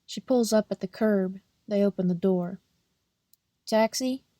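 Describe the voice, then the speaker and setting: A young woman reading a novel aloud as an audiobook in a steady, plain first-person narration. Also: mid-range voice, moderate pace, no echo, studio quality. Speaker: audiobook reader.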